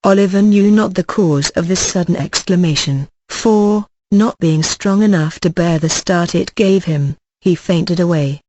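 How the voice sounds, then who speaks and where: An audiobook narrator reading a classic novel aloud in a steady, measured way. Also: mid-range voice, rough recording.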